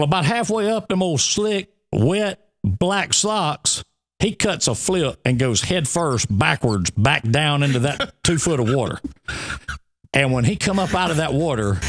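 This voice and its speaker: A man, co-hosting a radio show and telling a long funny story in casual chat, often breaking into laughter. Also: on the high side. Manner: animated, laughing storyteller with a Southern drawl.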